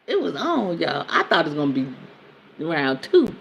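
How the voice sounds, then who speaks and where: Laughing, candid woman with a gravelly voice. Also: low-pitched, very animated, normal speed, slight background noise. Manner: candid, laughing, talks straight to listeners as y'all. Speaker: podcast host and women's counselor. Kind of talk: casual storytelling monologue.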